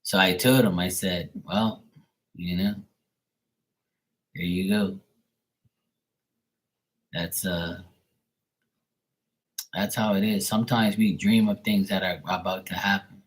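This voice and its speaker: A man's voice: deep voice, steady tone, takes it slowly, long pauses. A man hosting a tarot livestream, chatting casually with viewers in a rambling, profane storytelling way.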